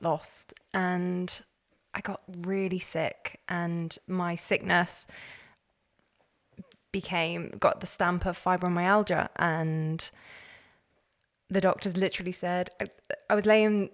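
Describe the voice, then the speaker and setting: Woman in her 30s on a podcast, slightly low voice, earnest and animated. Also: takes it slowly. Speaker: podcast guest, coach. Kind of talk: candid personal story.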